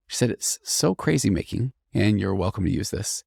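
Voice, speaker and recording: A man's voice: fairly low pitch, moderate pace, gravelly, breathy edge, no room sound, clean studio sound. A middle-aged man hosting a podcast, talking earnestly and thoughtfully as he reads and reflects on listener stories. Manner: earnest, reflective, animated when quoting listeners. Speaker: podcast host, therapist. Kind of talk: conversational podcast monologue reading listener stories.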